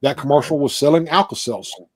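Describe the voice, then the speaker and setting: A man hosting a late-night live stream, talking animatedly and repeating words when he gets excited. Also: fairly high pitch, fast, no echo. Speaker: host.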